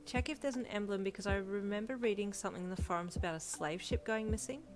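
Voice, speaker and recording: A woman voicing a loud, sassy teenage girl who teases her best friend, read over faint instrumental music. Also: mid-range voice, fast, lightly acted. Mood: curious. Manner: shouting, teasing.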